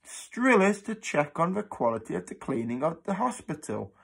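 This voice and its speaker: A man's voice: fairly high pitch, very animated, moderate pace, creaky, fairly bright tone, husky, pitched above the performer's own voice, full character voice. A man voicing a cheeky young boy who bluffs in a mock-polite, posh manner, in a storybook reading. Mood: bluffing.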